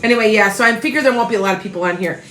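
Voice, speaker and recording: A woman's voice: mid-range voice, rapid-fire, echoey room, noisy background. A tired woman reading tarot, chatting casually and rambling on a livestream as she greets viewers by name. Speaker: tarot reader.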